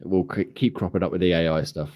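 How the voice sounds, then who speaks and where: Deep-voiced man, rambling. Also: fairly even intonation, fast, darkish tone. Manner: rambling, swears casually. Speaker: podcast host. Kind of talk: casual chat.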